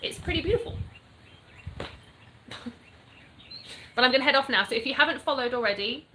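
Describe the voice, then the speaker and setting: A woman's voice: sits high, animated, fairly quick, pushed and bright, slight background noise. An English woman hosting a casual livestream, chatting upbeat and greeting viewers by name. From England. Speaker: livestream host. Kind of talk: casual live-stream chat reading comments. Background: birdsong.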